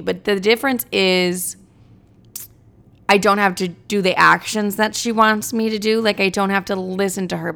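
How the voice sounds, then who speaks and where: A young woman in her twenties hosts a casual confessional podcast, talking bluntly, swearing freely, and wandering from thought to thought. Her voice is mid-pitched with heavy, gravelly vocal fry. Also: fairly bright tone. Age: 20s. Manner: blunt, profane and rambling. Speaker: podcast host.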